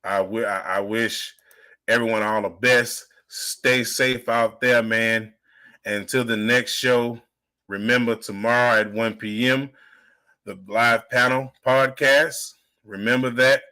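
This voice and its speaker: A man's voice: medium pitch, fairly even intonation, takes it slowly, bright, forceful tone. A young adult man hosting a live podcast, signing off with emphatic, repetitive, rousing build-ups. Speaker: podcast host.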